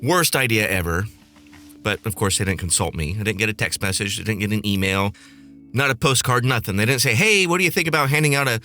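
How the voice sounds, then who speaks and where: A man's voice: fairly low pitch, lively intonation, fast, bright, forceful tone, soft background music. A man hosting a podcast, ranting in a snarky, profane, sarcastic way. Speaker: podcast host and flight attendant. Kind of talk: comedic rant.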